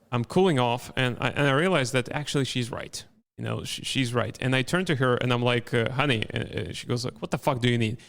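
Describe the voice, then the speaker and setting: Man, podcast host, English teacher, American-style accent, halting chat, long reverb. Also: medium pitch, vocal fry, a bit bright, clean tone. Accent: American-style English over a non-native base. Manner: halting, many restarts and fillers. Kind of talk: casual interview chat.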